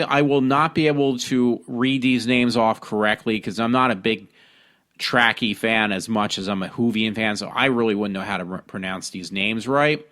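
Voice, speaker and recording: A man's voice: mid-range voice, a bit bright. Rambling man reading news aloud. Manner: reads articles aloud with frequent ums and restarts. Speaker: podcast host. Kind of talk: casual news-reading talk show.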